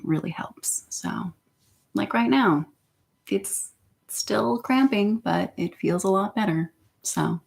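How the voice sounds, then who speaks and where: A woman's voice: lowish voice, creaky. A woman vlogger talking in a casual, meandering way, giggling often between phrases. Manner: meandering, with many fillers and restarts. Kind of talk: casual rambling monologue.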